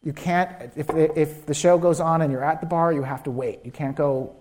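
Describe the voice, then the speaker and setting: A man's voice: a little high, normal speed. A man, a screenwriter, telling stories in a live onstage interview, acting out quotes and laughing often. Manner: animated storyteller who acts out quotes with laughter. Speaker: screenwriter guest.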